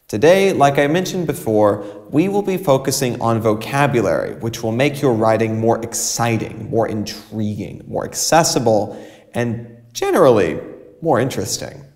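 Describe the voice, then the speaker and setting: A male teacher presents a recorded English writing lecture with an animated, swooping voice. He uses dramatic pauses and shifts of emphasis to keep things expressive. The sound carries a long, hall-like reverb. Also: mid-range voice. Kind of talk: video lecture.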